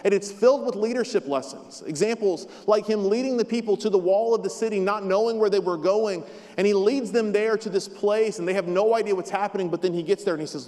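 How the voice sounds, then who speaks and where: This pastor's voice sits high and a little mellow, and he talks a little fast. Preaching in a church sanctuary, he stays emphatic and repetitive with some light humor, and the recording carries long hall reverb.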